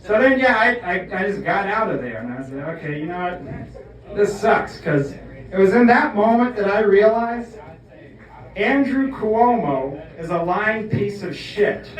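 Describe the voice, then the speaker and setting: A comedian with a high-pitched voice, lively intonation, and a measured pace tells a comic story with mock earnestness, often tagging his lines with "okay?". The monologue is recorded in an echoey room, far from the mic.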